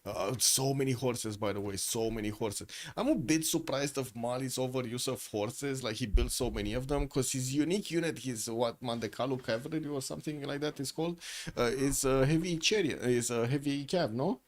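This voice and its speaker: A man's voice: mid-range voice, normal speed. A man giving live, chatty commentary on a strategy game match who often stops to ask his viewers questions. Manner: chatty, asks chat questions, frequent filler words. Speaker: esports caster.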